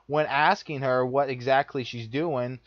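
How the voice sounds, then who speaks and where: A man's voice: medium pitch, steady tone, unhurried, dry recording. A young man vlogger telling a personal story in a profane, repetitive, exasperated rant. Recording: dull lo-fi dry recording.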